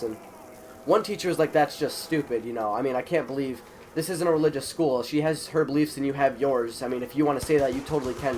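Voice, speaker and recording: A man's voice: medium pitch, slight background noise. A teenage boy with a cold, animatedly retelling a school story and acting out the other people's lines. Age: teens. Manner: animated, retelling with quoted voices. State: sick, a bit congested. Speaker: vlogger. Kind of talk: casual storytelling.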